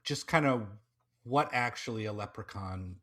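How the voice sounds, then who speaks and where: With a lowish, fairly bright voice at normal speed, a man hosting a podcast tells a folk tale. Afterward he shifts into relaxed conversation, sprinkling in fillers and jokes.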